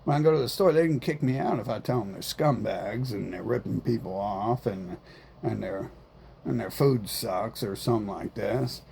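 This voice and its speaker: A man's voice: lowish voice, normal speed, vocal fry, darkish tone, a little hiss or hum. A man in a casual vlog monologue, rambling and repeating himself, swearing often and defiant in tone. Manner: rambling, repetitive, profane, defiant. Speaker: vlogger.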